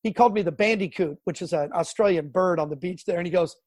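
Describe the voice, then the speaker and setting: A middle-aged man from Southern California, a sports broadcaster telling animated stories in an interview. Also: sits high, quick pace, dry recording. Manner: animated storyteller, acts out quotes and sounds. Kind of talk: storytelling interview.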